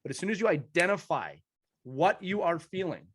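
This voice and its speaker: A man's voice: high voice, lively intonation, normal speed, fairly bright tone, husky. Earnest male podcast host, storytelling. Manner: earnest storytelling with many restarts. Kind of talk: conversational interview.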